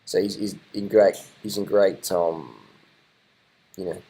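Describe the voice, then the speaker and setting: A man giving casual, excited commentary over race footage, repeating his phrases and swearing now and then. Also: deep voice, measured pace, noisy background.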